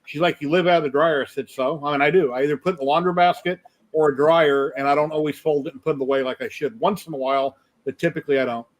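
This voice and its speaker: A man's voice: fairly high pitch, fairly even intonation. A man hosting a casual live stream chat, telling rambling stories. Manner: quick, rambling storyteller. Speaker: show host.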